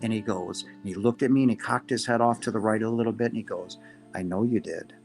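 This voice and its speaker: A man, a podcast guest, earnestly recounting a personal encounter, halting with restarts and quoting himself as he goes. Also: lowish voice, steady tone, a little mellow, soft background music. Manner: earnest, halting, many restarts and quoted asides. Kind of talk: first-person storytelling.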